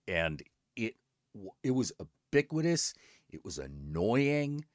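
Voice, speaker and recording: With a fairly low voice and a measured pace, this streamer host tells a story while chatting casually, cursing plenty and playing both parts of conversations in an animated way. The recording is dry and studio quality.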